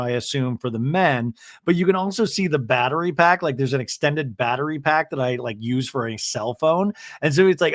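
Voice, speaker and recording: A man's voice: medium pitch, a bit bright, no echo. A man hosting a podcast, casually recapping a reality show and acting out the cast members' lines. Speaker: podcast host.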